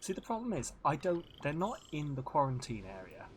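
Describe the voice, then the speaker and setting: A man streaming a game in casual chat, animated and profane, often muttering to himself. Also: fairly high pitch, brisk, a little hiss or hum.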